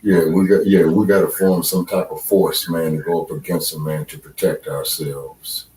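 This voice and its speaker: A man's voice: deep voice, little pitch movement, moderate pace, a little mellow. A man hosting a casual political chat, talking in a laid-back way with lots of fillers. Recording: roomy, distant mic with faint noise.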